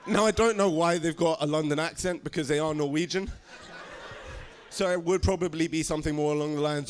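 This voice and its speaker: A man's voice: on the high side, brisk, a little hiss or hum. A man doing a stand-up comedy set in a club, chatty and crude, slipping into put-on voices.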